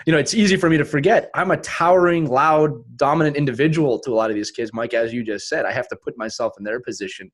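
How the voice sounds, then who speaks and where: A man hosting a casual podcast discussion as a youth hockey coach, energetic and laughing as he tells stories. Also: medium pitch, fast talker, few pauses. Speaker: podcast host.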